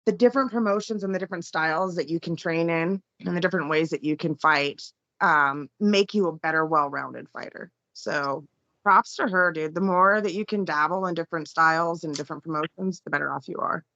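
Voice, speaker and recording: A young woman talks as a podcast guest in an upbeat, chatty way, often breaking into laughs. Her voice is bright and forceful. The audio sounds dull and lo-fi, with a dry, close feel. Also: lowish voice, a little fast, dry recording. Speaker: podcast guest, fighter and law student. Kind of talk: casual interview chat.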